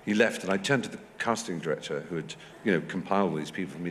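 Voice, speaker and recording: A man in his fifties with an English accent, telling anecdotes on stage with animated asides. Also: low voice, racing. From England. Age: 50s. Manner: anecdotal, animated, mimics voices in quotes. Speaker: festival speaker. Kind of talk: onstage talk with audience. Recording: hall reverb, faint noise.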